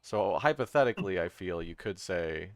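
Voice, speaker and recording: A man's voice: sits low, lively intonation, moderate pace, vocal fry, no room sound. A man playing in a tabletop game, chatting casually with eager, rambling asides and reading rules text aloud. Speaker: player.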